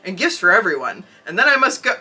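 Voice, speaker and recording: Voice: sing-song, quick pace, breathy edge, exaggerated voice. A podcast host voicing a frantic miserly old man while reading a storybook aloud. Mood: overjoyed. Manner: high, loud, pleading cries.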